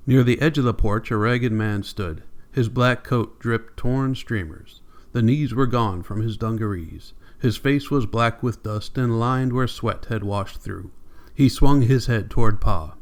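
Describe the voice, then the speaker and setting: A man narrates a novel aloud at a middling pitch. His storytelling is steady and measured. It is scripted audiobook narration.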